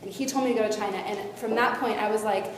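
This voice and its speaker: A woman's voice: mid-range voice, fast. A woman animatedly telling a personal faith story to a young audience as a guest speaker. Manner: animated storytelling with lively shifts in loudness. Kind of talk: personal testimony to a youth audience. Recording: echoey hall, faint noise.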